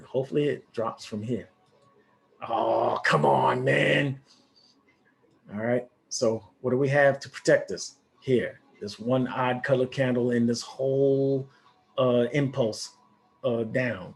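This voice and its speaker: Excitable man walking through live trades. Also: medium pitch. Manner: excitable, talks to viewers with casual exclamations and repeated restarts. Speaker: forex trading educator. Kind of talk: live trading walkthrough.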